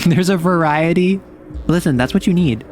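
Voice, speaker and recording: A man's voice: fairly high pitch, normal speed, a little mellow, faint music behind. A man streaming a game and talking through it in a playful, chatty way, reacting to everything with big, exaggerated responses. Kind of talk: casual game commentary.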